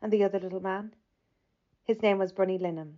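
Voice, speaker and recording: A woman narrating a literary audiobook in a measured, even reading that lifts slightly for quoted speech. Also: medium pitch. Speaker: audiobook reader. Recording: slightly muffled lo-fi recording.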